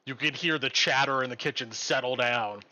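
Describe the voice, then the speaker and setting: A man's voice: medium pitch, normal speed, lo-fi sound, slight background noise. A man narrating as game master in a live-streamed tabletop game, with plenty of "um"s between descriptions. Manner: animated narration with frequent "um"s.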